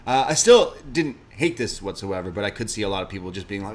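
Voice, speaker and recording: A man's voice: low-pitched, fairly quick. A man co-hosting a live wrestling watch-along, chatting casually, laughing often and retelling what happens on screen. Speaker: livestream co-host.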